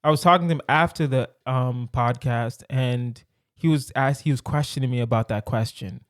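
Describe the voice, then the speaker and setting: A man's voice: medium pitch, moderate pace, no echo. Man, podcast host, playful, teasing, dry close sound. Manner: playful, teasing, laughs easily. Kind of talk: casual podcast chat.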